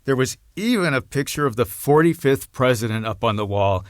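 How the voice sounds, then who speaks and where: A man narrating a novel as an audiobook in an even, understated reading. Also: medium pitch, brisk, no room sound, studio quality.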